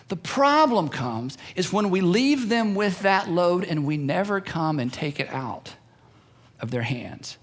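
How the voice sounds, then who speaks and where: Male pastor, higher-pitched voice, emphatic sermon delivery with repeated phrases. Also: fairly bright tone. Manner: repetitive, emphatic preaching with acted-out quotes.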